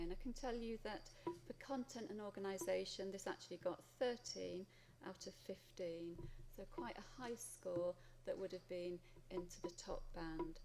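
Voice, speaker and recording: Welsh English teacher, gravelly voice, noisy recording. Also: female voice, medium pitch. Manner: reads student text aloud then comments. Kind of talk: marking a student essay aloud.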